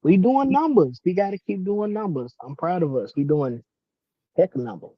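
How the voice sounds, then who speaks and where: Chill podcast dude, kinda high voice, dry muffled mic. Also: male voice, animated, normal speed, no room sound. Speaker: podcast co-host. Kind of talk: casual chat.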